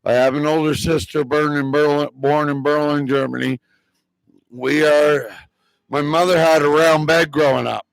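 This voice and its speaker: Gravelly American man, rambling and earnest, close and dry. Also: fairly high pitch, steady tone, normal speed, no echo, low-quality recording. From United States. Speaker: moviegoer interviewed on the street. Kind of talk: casual chat.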